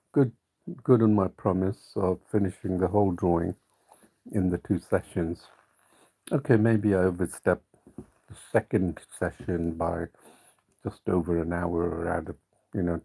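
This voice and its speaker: A man with a deep, gravelly voice hosts a live stream drawing tutorial. His tone is dark and mellow. He rambles easily and corrects himself as he goes. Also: measured pace, pauses often. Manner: relaxed, rambling, self-correcting. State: hiccuping.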